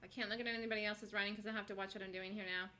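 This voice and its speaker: A woman hosting a live day-trading show, giving rapid, repetitive play-by-play of her trades and gasping and squealing as prices move. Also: medium pitch, level tone, pushed and bright.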